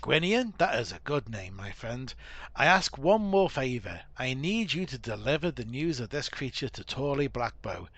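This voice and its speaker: A man's voice: medium pitch, big pitch swings, moderate pace, fairly bright tone. A man reading a solemn warrior leader. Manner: solemn, formal reading of quest dialogue. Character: stern male warrior leader grieving a fallen comrade. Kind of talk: reading game dialogue aloud.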